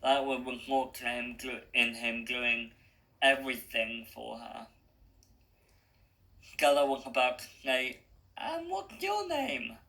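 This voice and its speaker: Slow, gravelly male storyteller. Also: mid-range voice, little pitch movement, sharp tone, rough recording. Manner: slow, deliberate, with small restarts. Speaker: narrator. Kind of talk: reading a story aloud.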